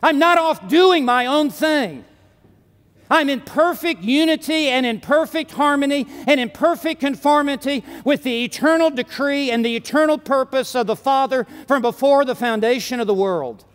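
At a conference, a man delivers a sermon at a moderate speed in an unusually high, bell-like voice. His emphatic statements land with force, then linger in the lengthy reverberation of the large room.

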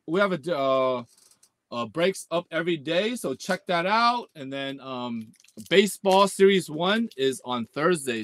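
Excitable man hosting a card break. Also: fairly high pitch, no echo. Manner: excitable, groans and shouts at pulls, reads hits in a rapid list; slangy, repeats "man" and "let's go". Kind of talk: live card-break stream.

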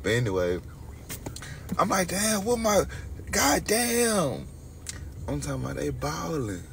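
Man, young adult, gravelly, loose storyteller, livestream chat, distant phone mic, faint hum. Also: on the high side, wildly swooping pitch, a little slow, a loud crowd. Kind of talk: late-night livestream chat with viewers.

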